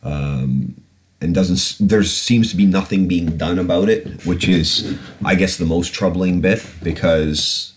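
Deep-voiced guy ranting on his podcast, sweary, lots of ums. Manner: blunt, sweary, animated ranting with frequent fillers. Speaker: podcast host. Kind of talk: casual solo podcast rant.

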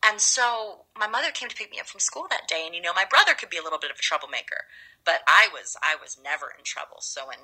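A young woman from Los Angeles, a guest actress, telling animated stories in a casual interview. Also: on the low side, poor audio. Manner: animated, drawn-out storytelling.

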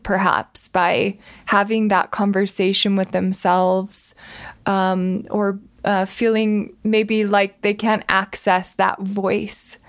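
A woman host asking thoughtful, measured questions with soft fillers. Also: medium pitch. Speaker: interviewer host.

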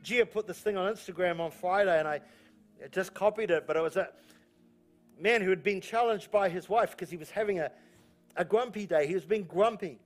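A man's voice: high-pitched, brisk, soft background music. A male pastor preaching a sermon in church, repeating key phrases with emphasis and telling jokey stories. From New Zealand. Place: church auditorium.

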